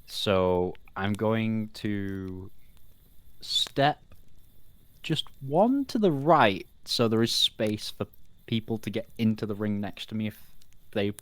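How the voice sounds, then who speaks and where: A man's voice: fairly low pitch, lively intonation, takes it slowly, no echo. A man playing a tabletop game, wry and stumbling over his words. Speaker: player.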